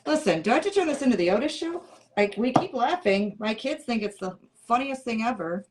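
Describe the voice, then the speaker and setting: A woman's voice: fairly high pitch, expressive, fairly quick. A middle-aged woman hosting a crafting livestream, chatting casually and playfully with her viewers and answering their comments. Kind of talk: casual chat with live viewers.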